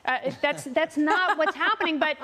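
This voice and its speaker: A woman's voice: high-pitched, normal speed, sharp tone, long reverb tail. A woman on a TV panel, arguing in an opinionated debate and mocking others with sarcastic put-on quotes. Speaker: panelist on a TV talk show.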